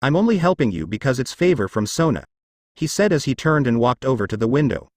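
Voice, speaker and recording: A man's voice: medium pitch, animated, fast talker, no room sound, studio quality. A man reading a fan fiction story aloud, voicing both narration and dialogue in one voice. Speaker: fanfiction reader.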